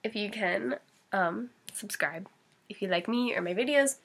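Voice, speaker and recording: A woman's voice: mid-range voice, unhurried, creaky, fairly bright tone, breathy edge. A young woman chatting casually through a makeup tutorial, rambling and giggly with lots of likes and ums, a bit sniffly. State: face-painted, sniffly and sneezing. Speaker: makeup vlogger.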